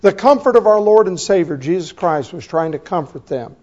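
A man preaching a sermon, reading scripture and slowing down to stress the quoted words. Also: sits high, animated, darkish tone. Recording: dull lo-fi recording.

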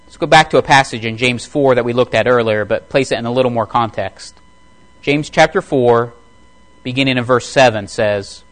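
A man preaching a sermon in a measured, deliberate way, slowly reading scripture passages aloud and explaining them. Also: medium pitch, rough recording. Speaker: pastor.

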